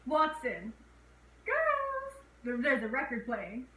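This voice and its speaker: A woman's voice: high voice, expressive, measured pace, sharp tone. A young woman co-hosting a casual horror movie review, retelling scenes and acting out the characters' lines in raised voices. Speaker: co-host reviewing a horror film. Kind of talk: casual chat recapping a movie. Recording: echoey room, voice a bit far from mic.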